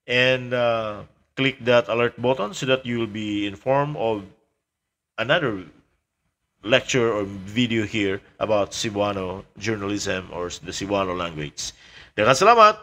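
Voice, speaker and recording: Male language teacher, mid-pitched voice, casual lecture pace, repeats words as he explains. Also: bright, forceful tone. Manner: explains slowly with fillers, repeats example words.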